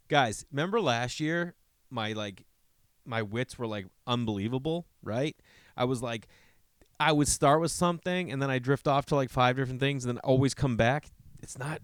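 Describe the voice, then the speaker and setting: With a clear, resonant tone and no room sound, a man hosts a podcast. He tells rambling, profane comedic stories and animatedly acts out other people's quotes in a higher voice.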